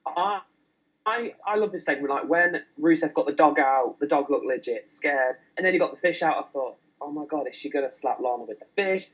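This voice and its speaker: Husky guy a bit high-voiced, stumbly and excited, muffled lo-fi podcast sound. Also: fairly quick. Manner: excitable, stumbles and restarts words. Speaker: podcast co-host. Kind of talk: casual wrestling chat.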